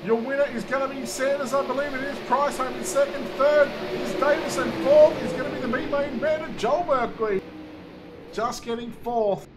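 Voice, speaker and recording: Male race caller, high-pitched, excitable, live commentary over loud engine and crowd noise. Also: moderate pace. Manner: excitable play-by-play, voice rising with the action. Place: speedway commentary position.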